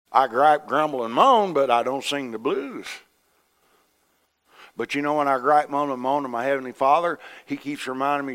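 A man preaching a sermon as pastor, folksy and conversational, swinging from hushed to loud. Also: medium pitch, moderate pace.

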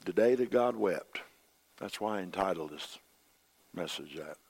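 Low-voiced man preaching a sermon. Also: expressive, a little slow, creaky, slightly rough. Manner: preaching with swings between loud emphasis and hushed, quiet passages. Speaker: pastor.

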